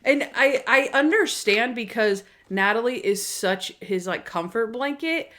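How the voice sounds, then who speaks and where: A woman's voice: on the high side, measured pace. A woman co-hosting a podcast, chatting casually about a TV episode and acting out the characters' lines as she retells scenes. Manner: lively retelling that acts out quoted lines. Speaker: podcast co-host. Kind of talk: casual chat recapping a TV episode.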